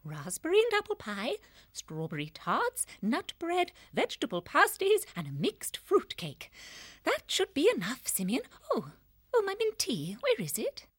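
An actress playing an old female mouse cook in a full-cast audiobook, bustling and polite, with a husky voice. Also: sits high, huge pitch swings, unhurried, no room sound, studio quality, heavily acted. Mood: homely. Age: older.

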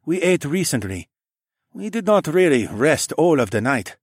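A man's voice: a little high, big pitch swings, moderate pace, slightly rough, dry recording, clean studio sound, pitched above the performer's own voice. A man voicing a friendly, helpful young man in an audiobook.

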